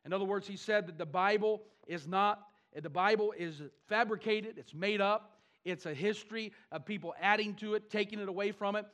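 A man preaching a sermon to his church, animated and with wry asides. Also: high-pitched, moderate pace, hardly any pauses. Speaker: pastor.

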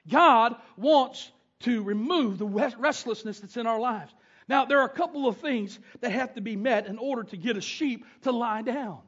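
A man, preaching a sermon with animated, homespun storytelling. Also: very high voice. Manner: animated storytelling with down-home grammar. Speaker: pastor. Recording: dull lo-fi sound.

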